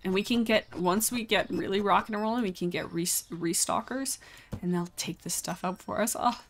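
A woman's voice: mid-range voice, moderate pace, slight background noise. A young adult woman chatting casually through a live game stream, exclaiming often and talking straight to her viewers.

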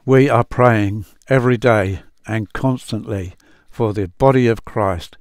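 Man, low voice, very slow, thoughtful, fillers, reads verses aloud, dry close sound. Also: no room sound. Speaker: Bible translator and podcaster. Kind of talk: reflective Bible talk.

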